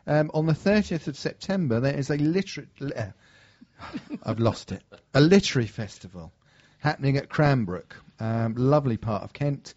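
A man's voice: medium pitch, lively intonation, normal speed, darkish tone, dull audio. A man co-hosting a radio show, chatting casually about local events with filler words. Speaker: radio co-host.

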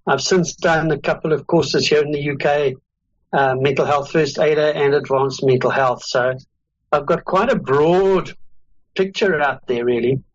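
A middle-aged South African man talks as a guest in an easygoing, rambling way. His voice sits a little high for a man, and the audio is dull and lo-fi. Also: normal speed, no room sound. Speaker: guest, consultant. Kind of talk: casual interview chat.

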